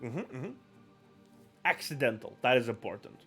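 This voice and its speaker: A man's voice: mid-range voice, expressive, normal speed, a bit bright, breathy edge, faint music behind. A man chatting casually on a live stream, rambling and self-deprecating, apologizing often.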